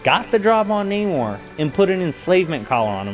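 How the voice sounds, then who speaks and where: A man hosting a casual reaction video, telling comic-book stories in animated, slangy talk and laughing at his own anecdotes. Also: sits high, a little fast, soft background music, low-quality recording. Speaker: host.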